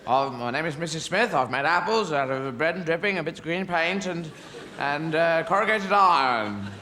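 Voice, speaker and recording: A man's voice: fairly high pitch, animated, normal speed, echoey room. A man doing a prim old granny. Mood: proud. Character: fussy old woman apple maker, proud, pushy. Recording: live show with loud background noise.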